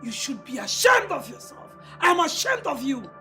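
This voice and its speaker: A high-voiced reproachful mother. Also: sing-song, normal speed, sharp tone, soft background music, exaggerated voice. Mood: accusing. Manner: accusing, reproachful. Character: distraught mother confronting her husband.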